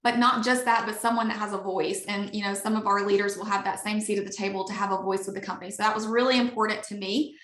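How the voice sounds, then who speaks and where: A woman with an Alabama accent giving an upbeat, gushing sales pitch on a video call. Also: fairly even intonation, quick pace, few pauses, a bit bright, reverberant. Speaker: network marketing leader.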